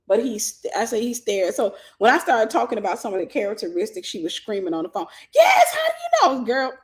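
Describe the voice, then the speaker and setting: A woman hosting a casual advice talk for viewers, telling stories and acting out the voices of the people in them. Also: mid-range voice. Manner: animated storytelling, acting out quoted voices. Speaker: host.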